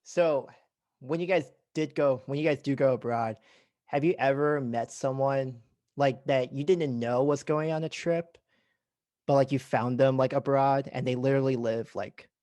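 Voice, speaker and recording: A man hosting a relaxed podcast chat, his voice sitting at an everyday middle pitch. He rambles through his questions with constant "like"s and perks up when he acts out stories. The recording is dry and close, with no room sound. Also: moderate pace, dry recording. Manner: rambling, heavy use of "like", animated when retelling. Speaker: podcast host. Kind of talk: casual interview chat.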